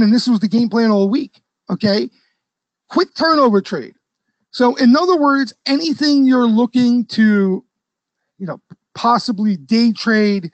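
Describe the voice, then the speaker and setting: High-voiced man chatting about trading. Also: no room sound, rough recording. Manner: conversational, frequent "okay?" checks, loose trader slang. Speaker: stock trading educator and host. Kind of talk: casual market commentary to a live audience.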